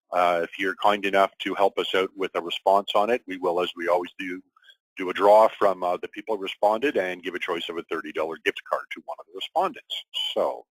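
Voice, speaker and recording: Middle-aged man, low voice, webinar presenter, friendly, relaxed, fillers, dry close sound. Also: no room sound, rough recording.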